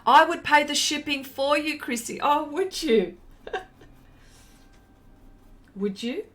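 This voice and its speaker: Slow-talking Australian woman with a raised voice. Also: sits high, expressive, fairly bright tone. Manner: chatty, laughs often, reads viewer comments aloud. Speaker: art live-stream host. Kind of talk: casual live-stream chat while painting.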